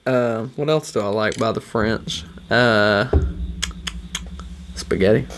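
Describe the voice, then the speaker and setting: A man's voice: fairly low pitch, moderate pace, noisy background. A young man co-hosting a podcast, joking and teasing, often breaking into laughter. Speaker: podcast co-host. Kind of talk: casual podcast banter.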